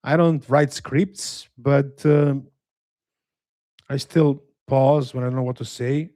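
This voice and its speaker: Relaxed Slavic-accented man streaming. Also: mid-range voice, slow, no echo. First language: a Slavic language. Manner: relaxed, self-deprecating, hesitant with restarts and dry humor. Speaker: livestream host reading chat. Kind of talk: casual live watch-along chat.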